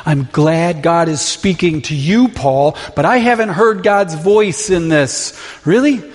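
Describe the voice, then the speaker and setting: High-voiced preacher in a reverberant hall. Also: male voice, unhurried. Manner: impassioned, full of rhetorical questions. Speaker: pastor. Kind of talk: sermon. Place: church sanctuary. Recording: long reverb of a large hall.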